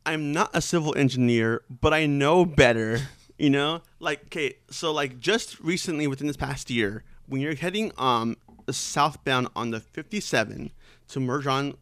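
A man's voice: mid-range voice, normal speed, fairly bright tone, smooth, no echo. A man hosting a casual chat, rambling with lots of fillers and restarts. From Southern California.

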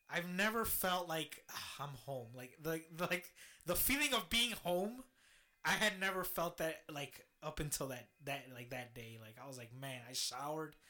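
A man with a bright, somewhat high voice tells a story in relaxed conversation. He swears freely and laughs as he talks. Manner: swears freely, laughs while telling stories. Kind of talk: casual storytelling chat.

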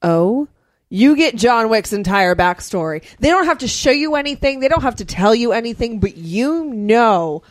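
A woman co-hosting a casual podcast, talking about a film with enthusiasm, halting and repeating words as she goes. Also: a little high, lively intonation, no echo. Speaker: podcast co-host. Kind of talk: casual chat, film discussion.

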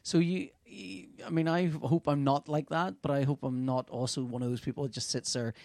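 A man's voice: a little high, steady tone, fairly quick, creaky, a little mellow, no echo. A middle-aged man, a comic artist, chatting casually and telling stories animatedly, stammering and laughing often. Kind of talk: casual podcast chat.

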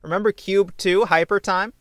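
A man's voice: sits high, fairly even intonation, normal speed, no room sound, studio quality. A man co-hosting a podcast in casual, joking chat, rambling and restarting his phrases. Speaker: podcast co-host.

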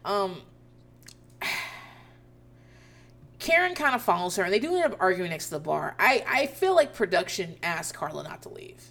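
Animated woman recapping with lively pitch. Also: measured pace, creaky, pauses often. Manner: profane, incredulous, animated storytelling. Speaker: reality TV recap host. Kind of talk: casual recap commentary.

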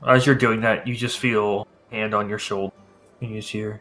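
A man's voice: fairly low pitch, fairly even intonation, normal speed, pushed and bright, faint music behind. A man narrating as game master in a tabletop game, laid-back and loose.

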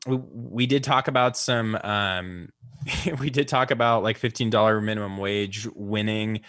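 A man with a low voice talks through politics in a loose, rambling way, full of fillers and false starts. His voice is recorded close and dry, with no room around it. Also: steady tone, measured pace, fairly bright tone, dry recording. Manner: rambling, many fillers and restarts. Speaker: podcast co-host. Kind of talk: casual political chat.

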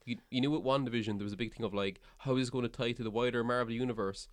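A man's voice: medium pitch, fairly even intonation, very fast. A man with a Cork Irish accent, chatting casually as a podcast co-host and rambling through many fillers and restarts. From Ireland. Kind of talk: casual chat.

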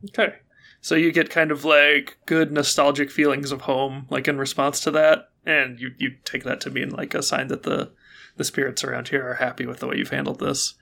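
A man runs a tabletop game in a gravelly, bright voice. His talk is relaxed and halting, with many ums and likes. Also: medium pitch. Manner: relaxed, hesitant with many fillers. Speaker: game master.

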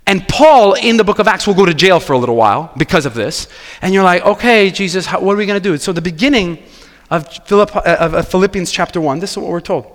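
High-voiced pastor preaching. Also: male voice, fast talker, big-room sound. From Quebec. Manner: animated storytelling, acting out dialogue. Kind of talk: sermon.

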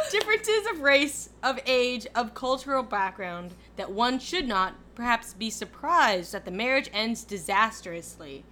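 A young woman co-hosts a casual podcast in a bright, lively voice and reads from a written summary. She talks in a playful, irreverent way and pitches a little high. A faint hum sits behind her. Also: unhurried, few pauses. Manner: laughs often, swears, playful. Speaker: podcast co-host. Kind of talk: casual podcast chat, reading a summary aloud.

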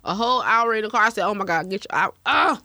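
Animated, profane woman podcast host. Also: medium pitch, quick pace, slight background noise. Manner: profane, laughing, animated storyteller. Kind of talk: casual chat.

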